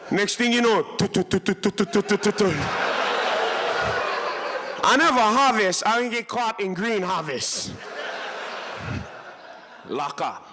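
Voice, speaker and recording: A man from Hawaii speaks in Hawaiian Pidgin, telling stories about his life from a podium with a joking, animated delivery. His voice sits a little high and swings up and down a lot. A long hall reverb trails every phrase. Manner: joking, storytelling, lively. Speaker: keynote speaker. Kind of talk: storytelling speech.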